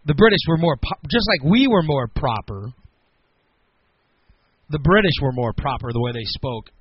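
A man's voice: fairly high pitch, animated, moderate pace, lo-fi sound, slight background noise. A man from the United States hosting a call-in radio show, teasing his co-host in rambling, casual banter.

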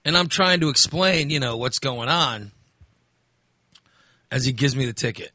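A man's voice: mid-range voice, unhurried, pushed and bright, no echo, clean studio sound. A man casually telling a long story in a chat, acting out the voices of people he met and swearing freely.

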